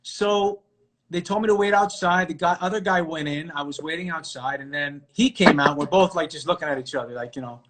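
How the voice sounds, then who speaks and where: A middle-aged man from New York, an actor guest telling stories casually on a live video call, animated and full of fillers and restarts. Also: fairly high pitch, a little fast, a little hiss or hum. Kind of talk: casual storytelling interview.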